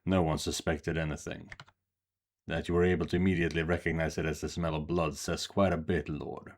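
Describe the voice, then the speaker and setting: A man reading a blunt, menacing swordsman from a game in a quiet, flat voice. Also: extremely low pitch, fairly quick, pitched below the performer's own voice. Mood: cold menace. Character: cold menacing male swordsman, blunt and dry.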